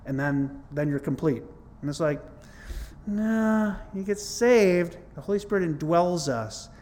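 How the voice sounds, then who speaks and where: A man's voice: on the high side, slight background noise. A man preaching a sermon in a conversational but emphatic way, teaching from scripture and stressing points with rises in his voice. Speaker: pastor.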